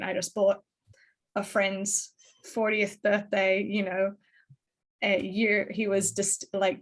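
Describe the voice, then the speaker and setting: A woman with an Australian accent hosting a virtual tasting, chatty with many fillers. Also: mid-range voice. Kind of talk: casual hosting chat. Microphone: video call.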